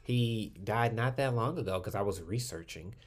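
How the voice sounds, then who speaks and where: A man co-hosting a podcast in casual chat, chatty and quick to laugh, swearing freely. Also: on the low side. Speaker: podcast co-host.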